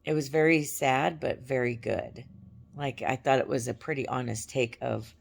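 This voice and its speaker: Female vlogger, hoarse crackly voice, loose chatty delivery, home camera sound. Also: very deep voice, steady tone, normal speed. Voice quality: gravelly. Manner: chatty and rambling, with fillers. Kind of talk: casual chat to camera. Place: at home on a couch.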